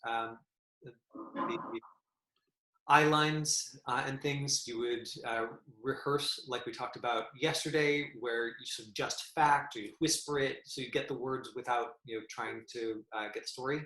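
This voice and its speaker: Halting male acting coach, echoey room. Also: mid-range voice, fairly even intonation, bright, forceful tone. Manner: halting, full of fillers and restarts. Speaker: acting teacher.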